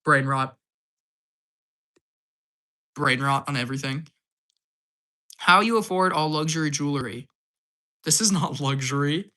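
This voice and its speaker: A hyper man chatting on a casual live stream, his voice bright and slightly hoarse. He answers viewer questions quickly and laughs often. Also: a little high.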